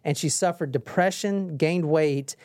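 A man's voice: fairly high pitch, unhurried, a little mellow, no room sound, studio quality. A man hosting a casual true-crime podcast, reading out case notes and joking with his co-hosts. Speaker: podcast host.

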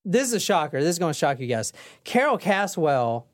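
Brisk podcast host setting up a story. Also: medium pitch, big pitch swings. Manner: brisk storytelling, sets up clips and reads articles. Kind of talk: casual chat.

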